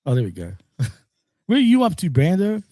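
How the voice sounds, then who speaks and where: A man's voice: sits high, huge pitch swings, brisk, warm tone, dry recording. A man hosting a casual live stream, telling a long rambling story full of swearing and laughter. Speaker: stream host.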